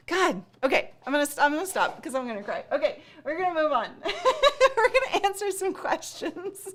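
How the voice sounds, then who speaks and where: Woman streamer hosting a live Q&A. Casual, rambling and earnest, quick to laugh. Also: medium pitch. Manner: heartfelt and rambling, with many fillers and restarts; laughs often.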